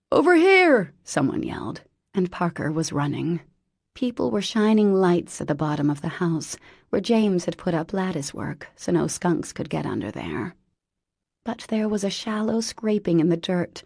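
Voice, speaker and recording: A woman reading an emotional audiobook in measured narration. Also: fairly low pitch, creaky, dark tone, slightly rough, dry recording, clean studio sound.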